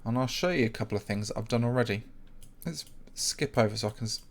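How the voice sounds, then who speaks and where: A man with a medium-pitched voice talks at a quick pace while hosting a casual live stream and building a Minecraft map. He's chatty and rambling, greets viewers by name, and says "um" a lot.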